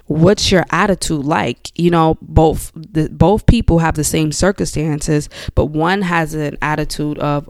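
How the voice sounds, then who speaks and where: Young woman podcast host, motivational talk, smooth but gravelly, dry close sound. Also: low-pitched, fairly even intonation, unhurried, hardly any pauses, darkish tone, no room sound. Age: young adult. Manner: conversational, coaching the listener directly with frequent "you know". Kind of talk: motivational self-help talk.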